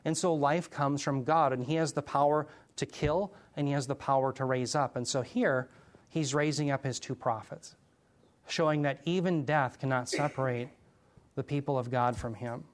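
A man's voice: mid-range voice, fairly even intonation, normal speed. A middle-aged man teaching through a Bible passage verse by verse, earnest and putting rhetorical questions to his listeners.

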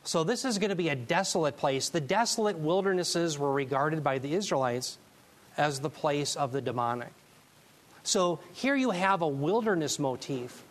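A man teaching a Bible class, preaching in an emphatic, animated way and taking questions from the class. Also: on the high side, normal speed. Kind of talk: sermon.

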